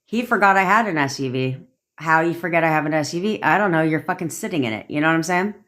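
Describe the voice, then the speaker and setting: A woman's voice: low-pitched, lively intonation, quick pace, fairly bright tone. A woman, a manifestation coach, telling a story in a casual live-stream rant, swearing freely and repeating points for emphasis.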